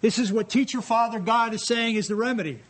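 A high, bright-voiced preacher speaks a little fast in a church sanctuary. He reads scripture aloud and tosses joking remarks to his congregation, keeping the sermon lively and conversational.

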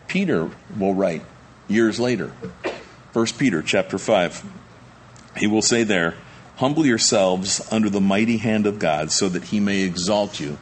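A man's voice: lowish voice, a little hiss or hum. A man, a pastor, preaching a sermon and acting out the disciples' panic during the storm. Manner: animated, acts out disciples' panicked voices.

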